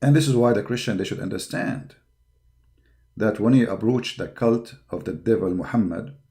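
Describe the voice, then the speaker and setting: A man with a gravelly, creaky voice holds forth in a heated monologue. He circles back on his own words, stacks up fillers, and presses every point with confrontational force. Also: lowish voice, expressive, moderate pace, dark tone. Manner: combative, repeats words, frequent fillers. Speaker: online apologetics show host. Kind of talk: impassioned monologue.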